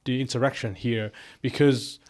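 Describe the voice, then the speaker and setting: A man's voice: medium pitch, steady tone, normal speed, a little mellow. A man co-hosting a podcast, talking casually about a film and stumbling over his words as he recaps the plot. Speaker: podcast co-host.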